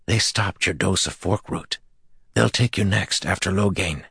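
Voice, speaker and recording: A man's voice: deep voice, unhurried, vocal fry, fairly bright tone, breathy edge, no echo, clean studio sound, voice pushed up, exaggerated voice. Man putting on a jittery, pleading turned young man. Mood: anxious eager. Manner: anxious and pleading. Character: frightened young man turned to shadow, eager. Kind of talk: audiobook character voice.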